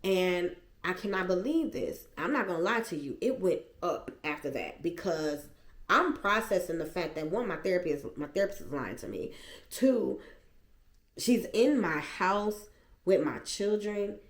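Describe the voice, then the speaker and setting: A woman vlogger at home, animatedly and emotionally retelling a personal story. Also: medium pitch. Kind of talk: storytime vlog. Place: at home, seated. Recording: echoey room.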